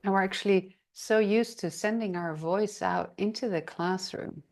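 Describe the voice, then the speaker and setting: A woman's voice: mid-range voice, normal speed, darkish tone. A woman hosting a podcast, reflecting thoughtfully and affirming her guest's ideas. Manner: thoughtful, affirming, lots of agreement. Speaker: podcast host.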